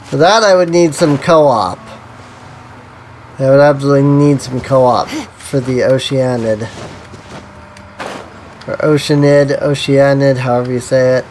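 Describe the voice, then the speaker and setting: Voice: mid-range voice, steady tone, a little slow, pauses often, a little mellow, a little hiss or hum, low-quality recording. A game streamer giving casual live-stream commentary, rambling with lots of "like" and an irritated, coughing throat. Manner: rambling, heavy use of "like". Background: game music.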